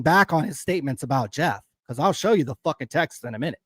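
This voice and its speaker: A man's voice: fairly high pitch, animated, quick pace, hardly any pauses, fairly bright tone, husky, no echo. A man hosting a livestream, ranting angrily with constant swearing in loose, heated casual commentary. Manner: profane, angry ranting. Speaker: livestream host.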